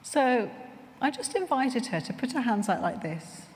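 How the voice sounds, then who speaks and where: A woman chaplain giving a conference talk, reflective and gentle, telling personal stories to fellow chaplains. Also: fairly high pitch, sing-song, normal speed, a little hiss or hum. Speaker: chaplain trainer. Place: conference hall. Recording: long reverb in a large hall.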